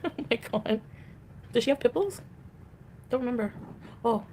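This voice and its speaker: A woman's voice: a little high, lively intonation, moderate pace, darkish tone, a little hiss or hum. A woman livestreamer chatting casually with her viewers in a rambling way and a baby voice, played back as a clip.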